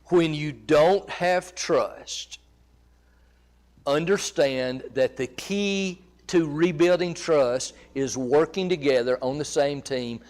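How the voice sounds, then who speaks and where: A man's voice: on the high side, slow, darkish tone. A man presenting a marriage seminar in a church, talking conversationally and checking in with his audience. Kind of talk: teaching a seminar.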